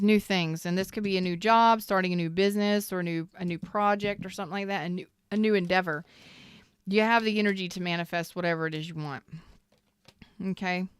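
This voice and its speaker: A woman with a medium-pitched, clear, resonant voice hosts a casual, salty tarot reading on her channel, speaking straight to her viewers and calling them y'all. She's chatty and a little salty, and the recording is studio quality with no echo.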